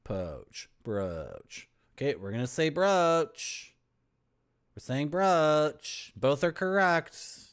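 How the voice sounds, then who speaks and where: Playful streamer, lively and animated in pitch. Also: male voice, slow pace, smooth. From Toronto, Canada. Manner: playful, rambling, toys with words. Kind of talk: gameplay commentary, reading game text aloud.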